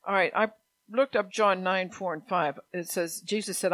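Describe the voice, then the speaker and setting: A man's voice: sits high, fairly even intonation, moderate pace, dry recording. A man pastor preaching a conversational sermon, repeating key lines, checking in with "all right?" and rising to emphatic exhortation. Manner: grows louder and more emphatic when exhorting.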